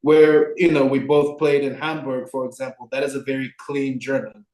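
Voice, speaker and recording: A young man co-hosting a podcast, telling a story in a lively way with many fillers. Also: mid-range voice, moderate pace, roomy sound, poor audio. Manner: animated, filler-heavy storytelling. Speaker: podcast co-host. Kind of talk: casual storytelling chat.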